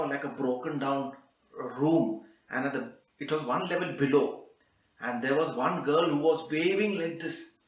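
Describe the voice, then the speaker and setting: A man tells a children's story in a loose, chatty way, pausing with fillers and restarting his sentences. His voice sits at an ordinary middle pitch. It is recorded in a roomy space, a little away from the mic. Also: far from the mic. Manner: relaxed, conversational telling with fillers.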